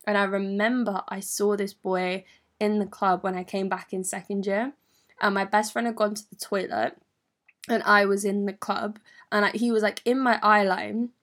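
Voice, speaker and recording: A young woman with a London accent tells a personal story straight to camera. Her voice sits at a middle pitch, and she talks in a candid, animated way, swearing freely and using plenty of slang. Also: normal speed. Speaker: vlogger. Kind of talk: storytime monologue.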